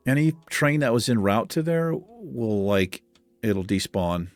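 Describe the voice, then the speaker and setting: A man's voice: mid-range voice, lively intonation, a little slow, soft background music. A man hosting a gaming channel, thinking aloud and muttering in casual let's-play commentary, mildly exasperated.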